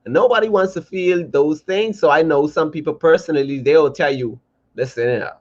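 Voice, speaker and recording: A man co-hosting a podcast in casual, playful banter, animated and mock-indignant. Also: on the high side, fairly quick. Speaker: podcast co-host. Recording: dull lo-fi podcast audio.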